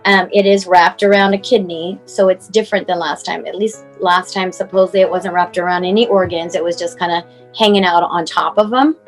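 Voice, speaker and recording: A mother in her forties, appearing as a guest, tells her son's story in a low, fairly even, quick voice, peppered with "like" and "you know." It's an emotional personal account recorded on a clip-on mic, with low quality and faint music behind her.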